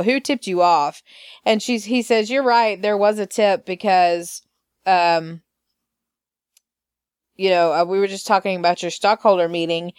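A woman's voice: on the low side, clean tone, no echo, clean studio sound. A woman hosting a podcast, recapping soap opera scenes in a chatty way, full of fillers and quoted lines. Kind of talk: casual recap chat.

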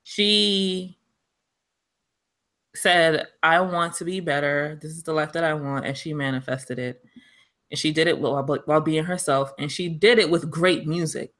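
A woman's voice: sits low, steady tone, a little slow, fairly bright tone. A woman with a New York accent, co-hosting a podcast in chatty, emphatic casual talk and laughing often. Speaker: podcast co-host. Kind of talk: casual chat.

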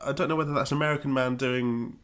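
A man with a mid-pitched, ordinary voice joins a relaxed chat about a film. He talks in an easygoing way, mostly with short replies and remarks. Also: fast, clear, resonant tone. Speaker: podcast co-host. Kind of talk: casual film recap chat.

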